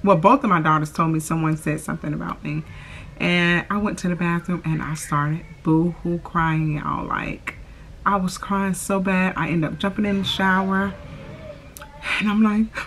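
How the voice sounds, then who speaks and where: Vlogger, young adult woman, unhurried and chatty, slightly low voice, faint hiss behind. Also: a bit bright. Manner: chatty, drawls "y'all", lots of "like" and "oh my gosh". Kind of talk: casual chat to camera.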